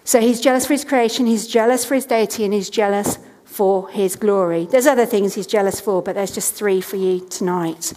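A woman's voice: mid-range voice, normal speed, hardly any pauses, mellow, long reverb tail. A woman in her thirties preaching a sermon from a church stage, telling family stories chattily and repeating key lines with earnest emphasis.

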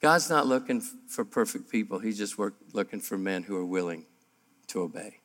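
Man, preaching, bright forceful voice, long hall reverb. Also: expressive, a little fast. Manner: emphatic, humorous, gets louder and higher as he builds. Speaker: pastor. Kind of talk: sermon at a men's breakfast. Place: large room before an audience.

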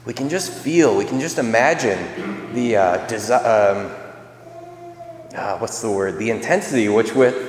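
Conversational priest in an echoey church. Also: male voice, mid-range voice, moderate pace, a little hiss or hum. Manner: conversational, acts out voices in the story. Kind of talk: sermon. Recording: echoey church with long reverb.

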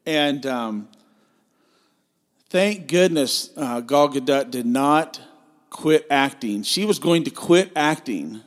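A man's voice: medium pitch, animated, takes it slowly. A man co-hosting a film review podcast, talking casually and enthusiastically, often stumbling and restarting his sentences.

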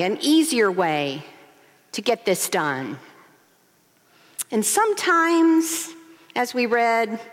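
A woman co-pastor in her forties preaching a sermon, telling stories and asking rhetorical questions. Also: high voice. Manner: expressive storytelling with rhetorical questions. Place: large church sanctuary. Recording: long hall reverb.

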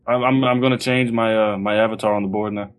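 A man's voice: lowish voice, steady tone, fast. A man co-hosting a casual audio podcast, answering in a dry, skeptical, unamused way. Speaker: podcast co-host. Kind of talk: casual chat.

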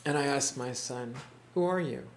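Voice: medium pitch, a little hiss or hum. Reflective storyteller teaching a small group. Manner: reflective, unhurried retelling with quoted voices; halting restarts and repeated words. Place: indoor room with a small group.

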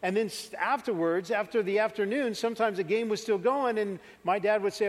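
A man with a high voice preaches and tells a story from his own life, acting out the scenes as he goes. His voice rings through a large church hall with a long echo. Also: brisk, hardly any pauses. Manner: animated storytelling, acts out his younger self. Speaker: pastor. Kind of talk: sermon with personal story.

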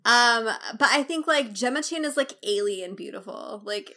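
A woman's voice: on the high side, lively intonation, normal speed, sharp tone. A woman co-hosting a podcast in casual chat, rambling with lots of fillers. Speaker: podcast co-host.

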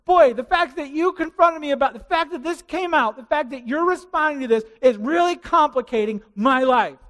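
A man's voice: normal speed, a bit bright. A man acting out an indignant, defensive man who pities himself, complaining in a raised, exasperated voice. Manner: high-pitched, exasperated complaining. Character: indignant unrepentant man, defensive and self-pitying.

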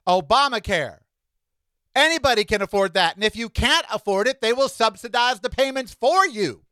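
A man's voice: high-pitched, pushed and bright, no echo, clean studio sound. A middle-aged man from the United States hosting a solo podcast, ranting with sass and camp, calling listeners honey and child. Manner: sassy, campy, calls listeners honey and child. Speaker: podcast host. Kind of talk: opinionated solo podcast rant.

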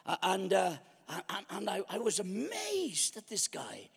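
A man's voice: high-pitched, huge pitch swings, a little slow, creaky, slightly rough, long reverb tail. A man preaching a storytelling sermon, acting out his own past thoughts.

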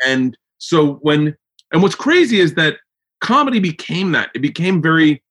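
A man's voice: on the high side, big pitch swings, normal speed, a bit bright, breathy edge. A man hosting a podcast in casual chat, rambling and swearing, with many restarts. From United States. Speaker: podcast host.

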